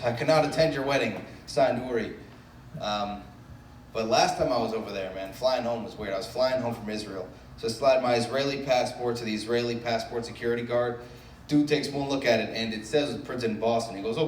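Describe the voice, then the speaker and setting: A stand-up comedian from the Boston area works a club crowd with loose, self-mocking riffs. His voice sits at a middle pitch and is picked up from some distance. The room is echoey, with a faint buzz of ambience behind him. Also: slight background noise. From Brookline, Massachusetts.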